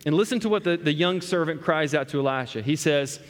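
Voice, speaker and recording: High-voiced man preaching in echoey hall. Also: brisk. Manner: storytelling, talking straight to the congregation. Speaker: pastor. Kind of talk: sermon.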